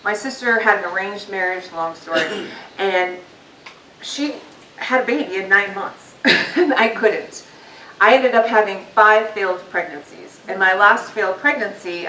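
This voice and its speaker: The recording, roomy and distant with faint noise, captures a woman with a mid-range, sharp-toned voice. She is a guest speaker giving a candid, conversational motivational talk about her life to a live audience in a meeting hall, often saying um.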